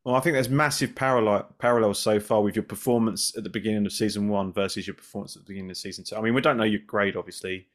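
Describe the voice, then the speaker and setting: Upbeat podcast co-host, a man with a lowish voice, chatting casually. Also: fairly even intonation, very fast, hardly any pauses. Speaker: podcast co-host, story reviewer. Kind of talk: casual chat.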